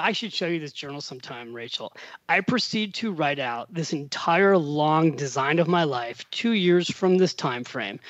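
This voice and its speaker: Lo-fi, dry audio captures a middle-aged man from the United States whose voice runs a little high. As a podcast guest at his home in Italy, he narrates a long tale in easygoing conversation. He's lively and acts out the people's lines in their own voices.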